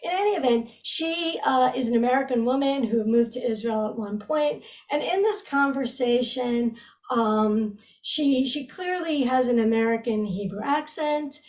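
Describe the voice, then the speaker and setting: A woman with a high voice talks through her research in a relaxed interview, full of fillers and self-corrections. She sits somewhat back from the microphone. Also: moderate pace, far from the mic. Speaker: researcher guest. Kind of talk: conversational interview.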